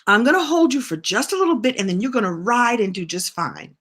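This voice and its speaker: Woman doing a gentle, patient dad. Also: a little high, sing-song, a little fast. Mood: reassuring. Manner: gentle and reassuring. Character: patient, encouraging father teaching a child.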